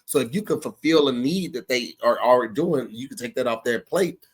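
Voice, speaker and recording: Man, mid-pitched voice, laid-back, mentor-like, casual comedic banter, podcast mic. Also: lively intonation, brisk, breathy edge.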